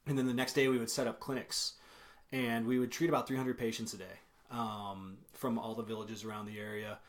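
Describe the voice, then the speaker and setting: Man, young adult, podcast guest, casual storytelling, filler-heavy, self-correcting, mid pitch. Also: level tone, fairly quick. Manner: rambling, full of ums and self-corrections; chuckles while telling stories.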